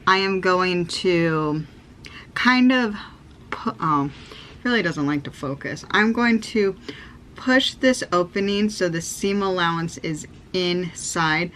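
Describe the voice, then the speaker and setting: A woman's voice: fairly low pitch, a bit bright, slight background noise. An American woman in her thirties explaining a sewing project in a chatty, upbeat way, full of ums and likes. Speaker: sewing vlogger. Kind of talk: casual how-to chat.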